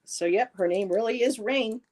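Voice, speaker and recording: On her live stream, a tarot reader speaks with a voice on the high side, a little mellow, at normal speed, with a little hiss or hum in the audio. Casually giving card readings and answering chat, she's reassuring and talkative, reading comments aloud and laughing often.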